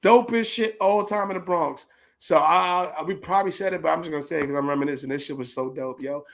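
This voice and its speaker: High-voiced New man telling stories. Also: quick pace, gravelly. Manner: animated, slangy, profane storytelling with laughs. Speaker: podcast host. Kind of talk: casual reminiscing monologue.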